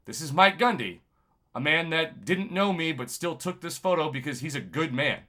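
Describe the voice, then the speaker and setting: A man, a YouTube journalist, talking to camera in a rambling, impassioned monologue full of shout-outs. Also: a little high, animated, normal speed. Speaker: YouTube video game journalist.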